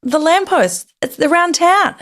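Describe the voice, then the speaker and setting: A woman co-hosting a casual true-crime podcast, giggly and quick with quips. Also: very high-pitched, lively intonation, fairly bright tone. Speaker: podcast co-host.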